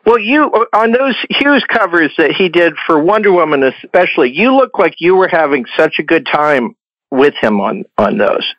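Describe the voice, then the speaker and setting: A man's voice: a little high, very animated, normal speed, dry recording. A man co-hosting a comics history podcast, talking with fannish enthusiasm and trailing restarts. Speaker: podcast co-host. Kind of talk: casual interview talk. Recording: dull lo-fi audio.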